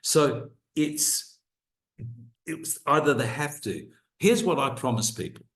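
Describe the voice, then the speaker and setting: A middle-aged man with an average-pitched voice speaks over a video call. He sounds earnest and reassuring, and he restarts his sentences often. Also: expressive, unhurried, fairly bright tone. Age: 40s or older. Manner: earnest, promising, rambling restarts. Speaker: co-host, business coach. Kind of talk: motivational call talk.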